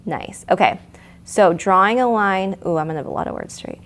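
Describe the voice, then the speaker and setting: A woman's voice: mid-range voice, expressive, brisk, a bit bright. A woman leading a live lettering lesson, chatty and encouraging, with fillers and restarts. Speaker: art instructor.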